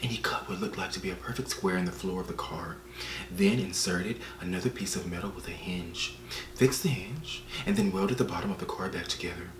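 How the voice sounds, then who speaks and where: Sultry breathy female narrator, mimicked by a man, near-whisper, faint hum behind. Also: low voice, brisk, roomy sound, lightly acted.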